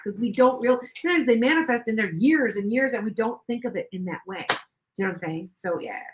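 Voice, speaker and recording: A woman's voice: medium pitch, expressive, fairly quick, low-quality recording. Older lady psychic chatting on her live stream, rambly, lots of restarts. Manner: rambling, chatty, with many restarts and asides to viewers. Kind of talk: casual live stream chat.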